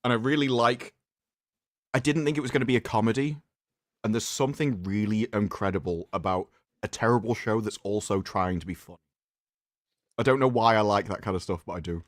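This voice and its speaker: A man's voice: fairly low pitch, brisk, no echo, clean studio sound. A man co-hosting a casual livestream chat, rambling and laughing often. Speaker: co-host.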